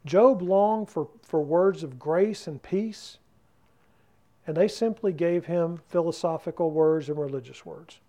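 A man leads a Bible study, his voice pitched high but dark and mellow in tone. He talks in a loose, conversational way and keeps putting questions to his listeners. The setting is a church class room. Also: unhurried. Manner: keeps asking the group questions.

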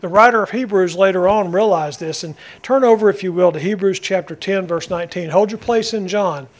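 Emphatic high-voiced preacher man. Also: brisk. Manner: emphatic, repeating key phrases, asks the congregation questions. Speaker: pastor. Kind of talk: sermon.

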